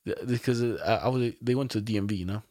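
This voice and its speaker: A man's voice: lowish voice, racing, darkish tone, no echo, clean studio sound. A young man hosting a casual podcast, telling a story in a rambling, slangy and profane way with lots of fillers. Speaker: podcast host.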